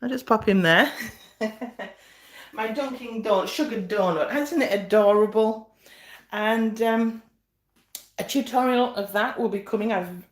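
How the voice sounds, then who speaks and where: A woman hosting a casual live stream as a home baker, chatting in a friendly, self-deprecating way as she shows her work. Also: medium pitch. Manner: chatty, self-deprecating, restarts and fillers while fetching things. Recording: echoey room.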